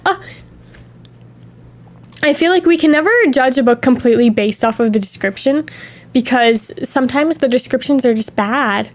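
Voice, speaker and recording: A woman's voice: fairly high pitch, a little fast, a little mellow. A young woman streamer talking in a casual, candid chat, drifting from one tangent to the next, a little sniffly from allergies.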